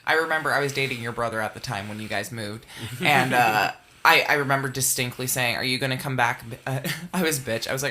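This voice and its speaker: A woman from Canada co-hosting a podcast, chatting in an animated way and laughing often. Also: extremely low pitch, brisk. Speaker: podcast co-host. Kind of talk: casual chat.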